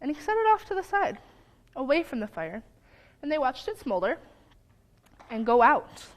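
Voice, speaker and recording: A young woman giving a sermon in a church, earnest, sometimes stumbling over her words and apologizing, lively when telling a story. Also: high voice, normal speed. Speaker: lay preacher. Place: church sanctuary.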